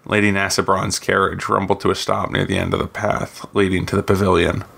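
A man's voice: deep voice, flat delivery, brisk, gravelly, pushed and bright, slightly rough. A man reading aloud from his own fantasy novel, with occasional slips and restarts. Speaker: guest reader, author.

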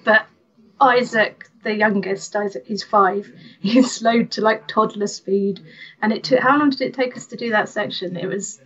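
A woman, a hiking mother, telling family trail stories in a chatty, animated way as a podcast guest. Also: medium pitch, moderate pace, highs cut off. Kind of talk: interview.

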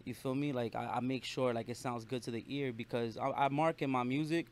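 A young man from Brooklyn with a New York accent, talking casually as a rapper guest, animated and full of slang and swearing. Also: medium pitch. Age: young adult. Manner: fast, animated street slang with frequent profanity. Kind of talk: casual interview chat.

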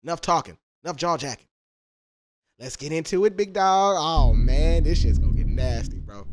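A man's voice: fairly high pitch, moderate pace, loud music behind the voice. A man reacting to a rap track, talking in a casual, profane, trash-talking way. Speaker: music reaction YouTuber.

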